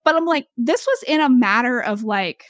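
A young woman spinning an animated story on a podcast, laughing as she goes and leaning on fillers. Her voice sits a touch high, recorded close and dry with no room sound. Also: moderate pace, no echo. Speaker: podcast host. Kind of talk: casual storytelling chat.

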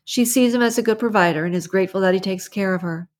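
Reading an audiobook, a woman voices a nosy, talkative middle-aged neighbor who gossips with strong opinions, sounding indignant and confiding. Her voice is medium-pitched and quick, and the acting is light.

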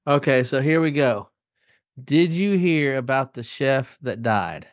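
A man co-hosting a podcast, telling a story in a relaxed, easygoing way. He speaks at a middle pitch, close and dry. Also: measured pace, no echo. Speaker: podcast co-host. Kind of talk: casual chat.

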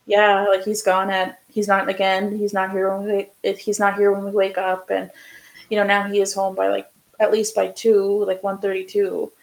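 Gravelly-voiced young mom, rambling. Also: female voice, mid-range voice, monotone, normal speed, low-quality recording. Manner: rambling, many "like" fillers. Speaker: podcast co-host. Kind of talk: casual chat.

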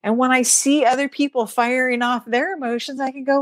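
A woman talking as an interview guest, animated and chatty, acting out her own inner voice in quotes and laughing lightly now and then. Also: high voice, brisk, no echo, clean studio sound. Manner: laughs lightly mid-sentence. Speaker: guest speaker and teacher. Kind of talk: casual interview chat.

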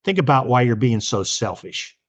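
A man's voice: medium pitch, big pitch swings, moderate pace, slightly rough. A man voicing a tired, irritable working father who scolds his young son. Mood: stern. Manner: stern, scolding.

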